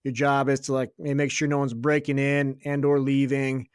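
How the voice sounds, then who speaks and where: Young guy, podcast co-host, swears a lot, laughs mid-story, mid pitch, dry close sound. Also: flat delivery, clear, resonant tone, no echo. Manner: profane, laughing storyteller doing quick voices of others. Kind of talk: casual storytelling chat.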